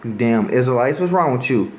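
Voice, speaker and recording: A man's voice: medium pitch, expressive, a little fast, a little mellow, slight background noise, natural voice. A man voicing an angry, boastful ancient king who scolds his captives in an indignant, raised voice.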